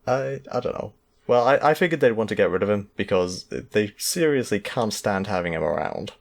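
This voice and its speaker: A man's voice: fairly low pitch, animated, fairly quick, creaky. A man in casual podcast chat, recapping the story in an easygoing way with chuckles and filler words. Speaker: podcast co-host.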